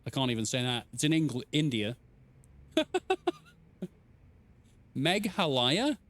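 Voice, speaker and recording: A man's voice: mid-range voice, sing-song, slow, fairly bright tone. A man casually commenting while streaming a game, playful and rambling, reading chat aloud.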